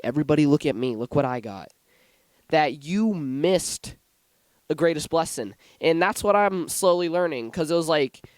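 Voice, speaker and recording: A man's voice: fairly high pitch, darkish tone, no room sound. A young man giving an informal Bible teaching in a church, chatty and given to asides and self-corrections. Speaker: lay preacher. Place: church sanctuary.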